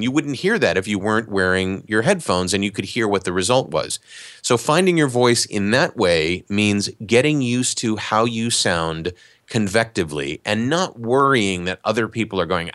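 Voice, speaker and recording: A man, an actor and voice talent, explaining in a relaxed, conversational way during a podcast interview. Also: on the low side, normal speed, no echo, clean studio sound. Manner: relaxed, explanatory, animated asides.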